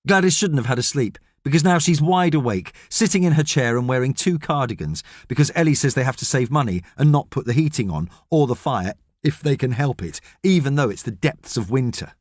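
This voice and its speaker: A man reading a novel aloud in measured scripted narration. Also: medium pitch, animated, dry recording, studio quality. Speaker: audiobook narrator. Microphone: studio microphone.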